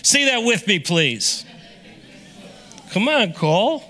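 A man preaching a sermon as pastor, energetic and drawing the congregation into call-and-response. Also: high-pitched, slow. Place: church sanctuary. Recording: long reverb of a large hall.

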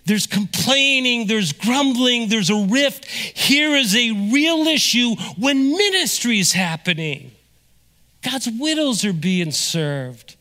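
A man preaching a sermon as pastor, energetic and drawing the congregation into call-and-response. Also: very high voice, takes it slowly. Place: church sanctuary. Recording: long reverb of a large hall.

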